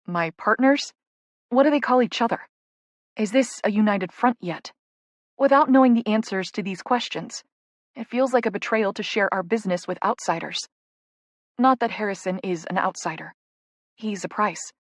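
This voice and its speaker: A woman's voice: medium pitch, moderate pace, no echo. Woman reading a romance audiobook, close and emotional, dry studio sound. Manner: intimate, emotional inner monologue. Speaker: audiobook narrator. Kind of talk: first-person audiobook narration.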